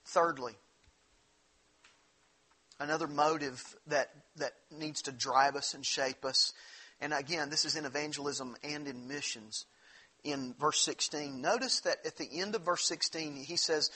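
Earnest preacher man with a bright, husky voice. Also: on the high side, unhurried. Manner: earnest, conversational, with frequent restarts. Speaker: pastor. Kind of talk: sermon.

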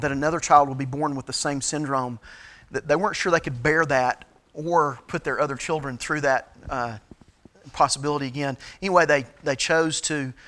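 A middle-aged man as a pastor, giving a sermon-style teaching talk, halting with frequent fillers and restarts. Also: medium pitch, sharp tone.

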